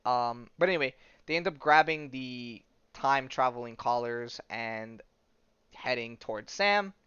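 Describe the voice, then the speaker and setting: A man hosting a podcast, recapping a comic in a loose, rambling way and laughing at his own jokes. His voice is smooth and sits at a middle pitch. It is recorded close and dry, with a dull lo-fi sound. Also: expressive, unhurried, sharp tone, no room sound. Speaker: podcast host.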